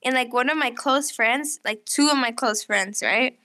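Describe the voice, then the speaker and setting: High bright-voiced young-sounding woman guest. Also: normal speed. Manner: rambling storyteller, heavy use of "like". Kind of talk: casual chat.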